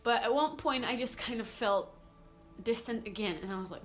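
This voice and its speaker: A woman's voice: a little high, lively intonation, soft background music. A young woman talking earnestly to camera in a casual vlog, full of "like" and "you know". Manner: earnest, talks fast with fillers like "like" and "you know". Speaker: vlogger. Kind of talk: casual confessional monologue to camera.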